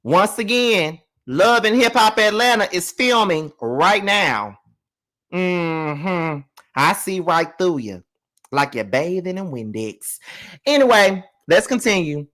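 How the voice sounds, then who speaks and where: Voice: medium pitch, animated, slow pace, a bit bright. A host giving casual gossip commentary to viewers, with a sassy, chatty manner and free swearing.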